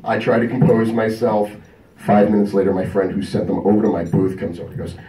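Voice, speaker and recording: Fast-talking and lowish in pitch, a comedian at a convention tears through crude stage stories, animatedly acting out everyone in them. The sound is echoey, recorded from a mic some distance away.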